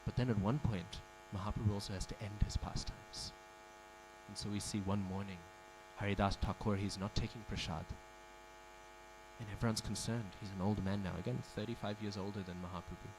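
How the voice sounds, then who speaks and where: A man's voice: fairly low pitch, steady tone, fairly quick, noisy background. A man giving a devotional class in a temple, telling a story, acting out the quoted speech and asking the audience questions. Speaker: speaker giving a scripture class. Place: temple hall.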